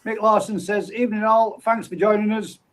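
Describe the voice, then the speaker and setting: A man's voice: high-pitched, little pitch movement, fairly quick, fairly bright tone, rough recording. A man hosting a casual live stream, reading out viewer comments and greeting each person by name in an easygoing, friendly way. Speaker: livestream host.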